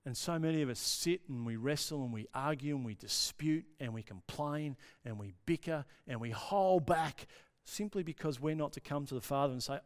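A male pastor delivers an impassioned sermon in a smooth, clear voice pitched a little high. He builds to intense, swelling lines, then drops to near-whispered pauses.

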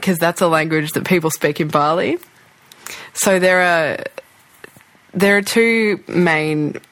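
A young adult woman telling a personal childhood story, chatty and self-deprecating, with plenty of fillers. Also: low-pitched. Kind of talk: personal anecdote.

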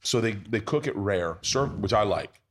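A man's voice: on the low side, animated, moderate pace, a little hiss or hum. Rowdy, swearing storyteller man. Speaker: podcast host. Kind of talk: casual chat. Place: pub.

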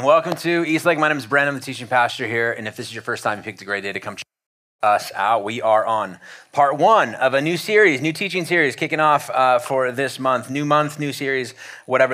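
A male teaching pastor gives a sermon in a loose, conversational way, his bright voice full of ums and restarts. He wanders through his points instead of reading a polished script. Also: medium pitch. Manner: casual, rambling with many fillers and restarts.

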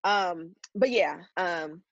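A woman's voice: lowish voice, drawn-out words, vocal fry, fairly bright tone, dry recording. A woman hosting a casual podcast chat, talking in a chatty, rambling way and laughing often. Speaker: podcast host. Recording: dry, slightly dull lo-fi sound.

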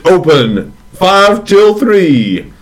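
A man voicing a big, gruff swamp ogre in a put-on Scottish accent, deep and silly. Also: big pitch swings, drawn-out words, full character voice. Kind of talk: improvised comedy role-play.

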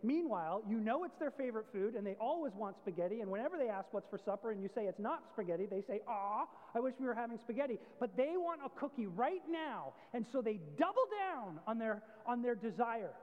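A man's voice: high voice, sing-song, a little fast, few pauses, in a large hall, dull audio. A male pastor giving a sermon, talking conversationally and explaining with everyday stories. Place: church.

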